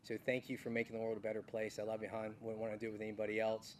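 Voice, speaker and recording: A man's voice: on the low side, completely flat delivery, racing, a little hiss or hum. Middle-aged man giving an earnest farewell speech, distant mic. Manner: heartfelt, earnest thanks with folksy asides. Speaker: departing army general. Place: outdoor military ceremony field.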